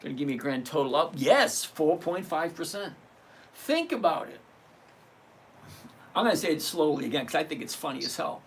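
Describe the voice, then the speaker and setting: A man's voice: on the high side, very animated, moderate pace, pauses often. A man in his sixties hosting a live trading stream, chatting casually, joking and swearing as he reads out numbers step by step. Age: 60s. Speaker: livestream trading host. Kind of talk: casual livestream teaching.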